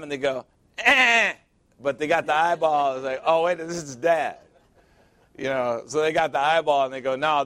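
A man's voice: medium pitch, fairly bright tone, dry recording. A middle-aged man preaching a sermon, building to emphatic calls. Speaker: pastor.

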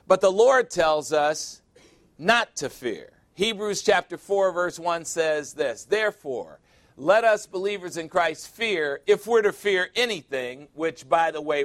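A man's voice: sits high, fairly bright tone. A man preaching a sermon in a conversational way, with jokes and emphatic asides.

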